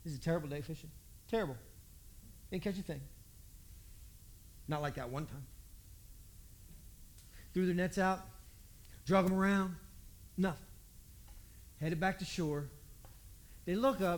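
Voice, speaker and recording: High-voiced folksy male preacher. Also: moderate pace, pauses often. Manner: folksy, animated, acts out voices in the story. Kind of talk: storytelling sermon.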